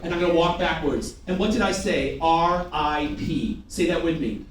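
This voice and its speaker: High-voiced, energetic male sales trainer. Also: a little fast, a little hiss or hum. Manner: energetic call-and-response drilling; joking, teasing the audience. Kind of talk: live training seminar. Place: training room with a live audience. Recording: very echoey room, mic at a distance.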